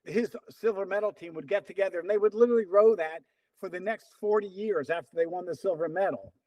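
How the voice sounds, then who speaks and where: An older man telling long stories as an interview guest, lively and acting out the people he quotes. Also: high voice, quick pace, dry recording. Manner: animated storyteller, acts out quoted dialogue. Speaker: interview guest, runner and coach. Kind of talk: casual storytelling.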